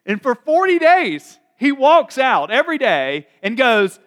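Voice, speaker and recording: A man preaching in a casual, chatty way, retelling a Bible story and acting out the characters' lines in quick asides. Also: very high-pitched, big pitch swings, fairly bright tone.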